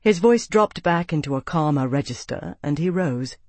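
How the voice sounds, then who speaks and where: A man narrating a fantasy audiobook in a steady storytelling manner. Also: on the high side, normal speed, no room sound. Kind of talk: scripted narration.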